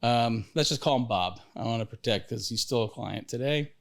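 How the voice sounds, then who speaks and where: A middle-aged man hosting a podcast, telling stories in a lively, rambling way, often restarting his sentences. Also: mid-range voice, moderate pace, gravelly. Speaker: podcast host, financial advisor. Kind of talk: casual storytelling conversation.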